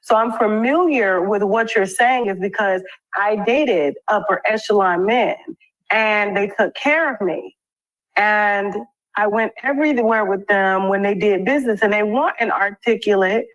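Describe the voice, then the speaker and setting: A woman interviewing a guest, firm and measured as she presses her questions. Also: medium pitch, muffled recording.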